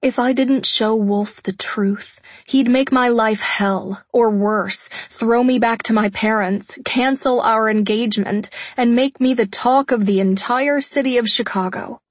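Slow, breathy woman reading a romance. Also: a little high, dry recording. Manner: soft, hushed and intimate, often whispering. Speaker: audiobook narrator. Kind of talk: first-person romance narration.

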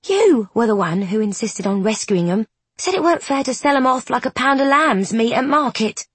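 A woman's voice: fairly high pitch, a little fast, breathy edge, no room sound, pitched above the performer's own voice. A woman voicing a blunt, proud country nun who speaks plainly and drops her letters. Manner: rustic dropped-letter speech.

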